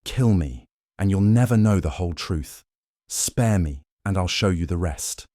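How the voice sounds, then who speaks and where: A man voicing a cold, smug male villain mastermind in an audio story, speaking smoothly. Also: low voice, expressive, measured pace, warm tone, dry recording, clean studio sound. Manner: silky, smug.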